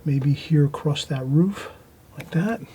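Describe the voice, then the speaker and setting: A man teaching a watercolour painting demonstration, talking gently as he paints and trailing off into quiet asides. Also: on the high side, takes it slowly, a little hiss or hum.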